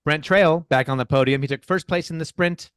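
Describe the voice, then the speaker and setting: A man's voice: a little high, brisk, fairly bright tone, smooth, no echo. Man, podcast co-host, playful, stumbles over names, dry close mic. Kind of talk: casual podcast chat.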